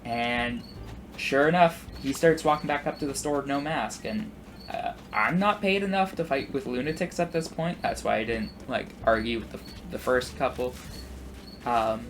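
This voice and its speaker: A man's voice: mid-range voice, moderate pace, fairly bright tone, slight background noise. A man in his twenties casually rambling through work stories while playing a video game, full of "like" and restarts. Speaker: gaming YouTuber. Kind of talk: rambling storytelling over gameplay.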